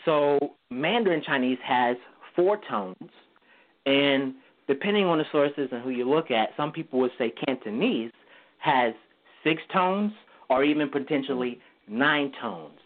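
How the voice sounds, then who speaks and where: A man on a tinny phone line talks through the tones of Mandarin, singing short vowel sounds to show how each one moves. His voice sits at a middling pitch, and he laughs easily as he explains. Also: lively intonation, measured pace. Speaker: guest language teacher. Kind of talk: casual interview explanation.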